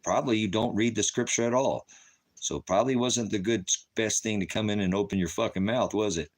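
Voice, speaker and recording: A man's voice: fairly low pitch, brisk. A middle-aged man running a ministry livestream, talking to his chat in a profane, combative, taunting way. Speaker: ministry host.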